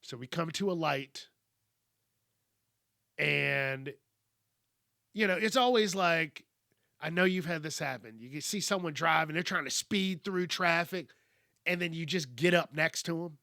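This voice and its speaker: Bright, animated man telling a story. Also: on the high side, measured pace, vocal fry, pauses often, dry recording, clean studio sound. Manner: animated, profane and wry. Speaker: podcast host. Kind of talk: casual storytelling monologue.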